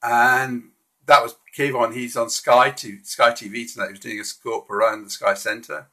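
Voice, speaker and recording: A man's voice: mid-range voice, level tone, moderate pace, sharp tone. A man hosting a casual live stream, walking through slides in a friendly, hesitant way with frequent restarts.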